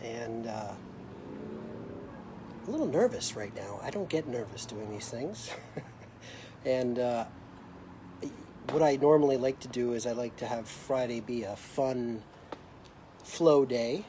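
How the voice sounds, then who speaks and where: A middle-aged American man speaks into a phone or webcam on a live stream, reflective and hesitant, pausing often and restarting his sentences. His voice is mellow and warm, sitting at an ordinary pitch. A faint hiss of noise runs under the recording. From United States. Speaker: host of a live video. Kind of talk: casual personal storytelling.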